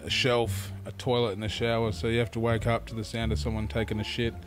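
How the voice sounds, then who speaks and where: A man's voice: medium pitch, fast, music in the background. Laid-back Australian man telling stories. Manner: animated, acts out quotes with laughter. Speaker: podcast guest. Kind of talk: casual storytelling.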